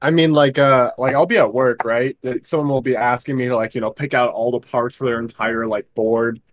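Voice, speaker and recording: A young podcast co-host chats casually, rambling with plenty of fillers. His mid-range voice is steady and fairly quick.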